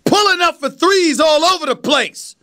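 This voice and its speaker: A New man in his fifties holding forth as a sports talk host, his voice pitched unusually high and ringing bright and forceful. He preaches his points emphatically, hammering them home by repeating phrases. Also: lively intonation, moderate pace. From New York City. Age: 50s. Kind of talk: sports commentary monologue.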